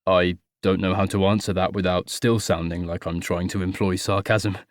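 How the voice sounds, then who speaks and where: A composed, unfailingly courteous gentleman who speaks in measured, formal phrases, as read by a male audiobook narrator. His voice sits a little lower than the narration, recorded close and dry. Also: flat delivery, no echo, close to an everyday voice. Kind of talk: audiobook character voice.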